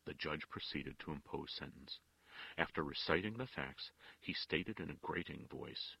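Very deep, gravelly male storyteller. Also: no echo. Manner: measured, expressive storytelling. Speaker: narrator. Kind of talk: audiobook reading. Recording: dull, dry lo-fi recording.

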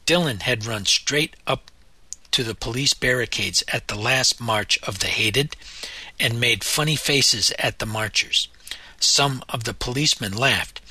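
A man narrating a novel in a measured storytelling manner. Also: mid-range voice, pushed and bright, slightly rough, dry recording. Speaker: audiobook narrator. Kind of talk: scripted narration.

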